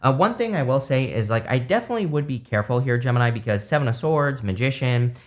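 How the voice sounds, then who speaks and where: A man's voice: medium pitch, fast. Man, tarot reader, casual unscripted chat, mid-range voice, rambling delivery. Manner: relaxed, rambling, many fillers and restarts.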